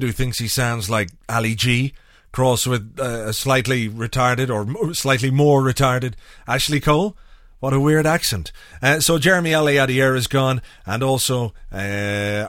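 A man's voice: medium pitch, fairly bright tone, no room sound, studio quality. A man hosting a football podcast, rambling and sarcastic with lots of fillers. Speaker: podcast host. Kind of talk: casual football chat.

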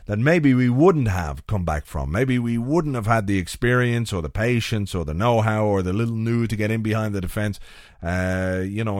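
A man's voice: fairly low pitch, no room sound, clean studio sound. A man hosting a football podcast, chatty and upbeat, with frequent fillers. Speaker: podcast host.

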